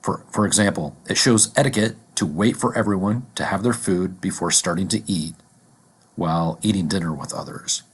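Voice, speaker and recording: A man teaching a vocabulary lesson, deliberately repeating each word and its examples. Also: deep voice, husky.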